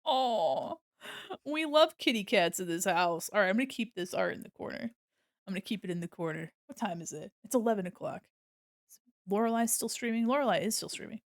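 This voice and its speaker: A woman's voice: mid-range voice, lively intonation, a little fast, dry recording, studio quality. A young adult woman streaming casually while she draws, rambling and giggling often and swearing freely.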